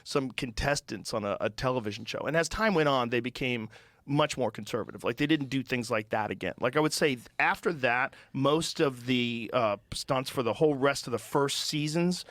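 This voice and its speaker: A man's voice: medium pitch, normal speed, no echo. A middle-aged man hosting a podcast, telling stories in casual, profane chat. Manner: profane, animated storytelling. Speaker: podcast host.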